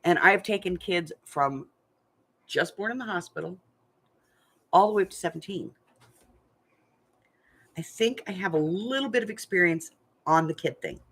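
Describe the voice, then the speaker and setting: A woman's voice: on the low side, animated, moderate pace, pauses often, breathy edge. An older woman, a craft channel host, chatting frankly and laughing as she tells family stories. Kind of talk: casual storytelling chat.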